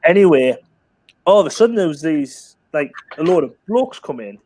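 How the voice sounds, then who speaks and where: A man's voice: a little high, normal speed. A man telling a funny pub story in casual chat, acting out what others said. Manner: lively anecdotal storytelling, acting out other people's lines. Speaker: guest on a chat stream.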